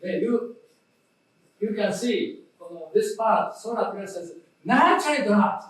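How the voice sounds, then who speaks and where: A man with a Japanese accent, a native Japanese speaker, guiding a posture demonstration in halting English and repeating his key instructions. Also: high-pitched, animated. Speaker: meditation instructor. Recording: roomy lecture hall, voice from a distance.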